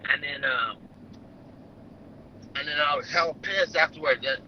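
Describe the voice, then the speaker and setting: Profane rambling fighter, bright voice. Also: male voice, a little high, normal speed, lo-fi sound, a little hiss or hum. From California. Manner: rambling, profane, heated storytelling with slang. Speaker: fighter guest. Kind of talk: casual profane interview talk. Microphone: remote video call.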